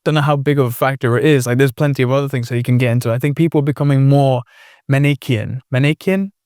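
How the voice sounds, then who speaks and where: A man hosting a podcast in a casual conversation, talking hesitantly with many fillers and pauses to search for words. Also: mid-range voice, level tone, a little mellow, smooth, no echo, studio quality. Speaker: podcast host.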